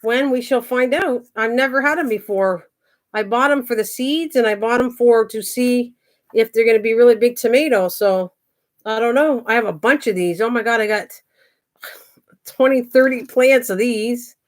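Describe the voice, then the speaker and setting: A woman's voice: fairly high pitch, moderate pace. An older woman hosting her own channel, chatting casually to the camera and talking to her pets as she goes. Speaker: craft and garden channel host.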